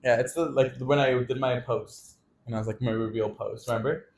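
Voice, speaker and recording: Animated young man telling a story. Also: mid-range voice, fairly quick, slight background noise. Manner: animated storytelling, laughs often, swears casually. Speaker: podcast co-host. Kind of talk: casual chat.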